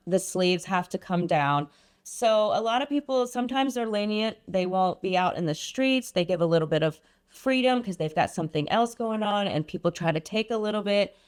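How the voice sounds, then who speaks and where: Low-voiced woman telling a personal story. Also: darkish tone. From Iran. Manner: earnest, halting, frequent restarts and ums. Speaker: podcast guest.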